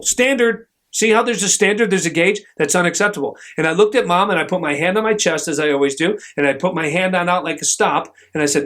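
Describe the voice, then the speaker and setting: A middle-aged man hosting a podcast, telling stories in an animated, emphatic way and acting out the voices in them. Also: fairly high pitch, fast talker, few pauses. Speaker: podcast host, chiropractor. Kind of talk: motivational talk.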